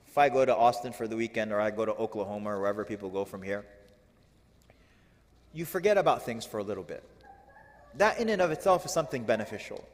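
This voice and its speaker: A man giving a religious lecture on classical poetry, animated and firing rhetorical questions at his audience. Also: medium pitch, long reverb tail. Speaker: religious teacher.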